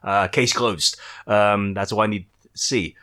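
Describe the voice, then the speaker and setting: A man's voice: fairly low pitch, fairly even intonation, unhurried, sharp tone. A man hosting a casual book-discussion podcast, joking and rambling with fillers and restarts.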